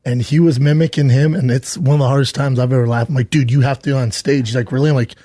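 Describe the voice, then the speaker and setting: A man's voice: mid-range voice, fast talker, no room sound, clean studio sound. A man co-hosting a podcast, telling a story in casual chat and quoting the people in it. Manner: animated anecdote with quoted dialogue. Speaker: podcast co-host.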